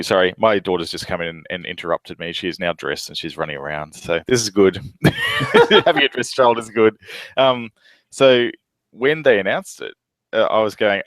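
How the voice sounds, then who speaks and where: A man's voice: sits low, moderate pace, fairly bright tone, no echo. A man who is a parent, co-hosting a podcast in casual chat, with exclaiming, wry asides.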